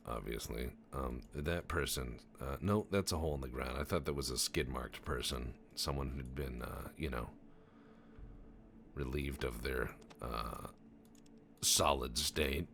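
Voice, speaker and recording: Gamer commentator, man, very deep gravelly voice, wisecracking and rambling, faint noise behind. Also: unhurried, a bit bright. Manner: joking, profane, rambling storyteller. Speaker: gameplay commentator. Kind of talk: casual let's-play commentary.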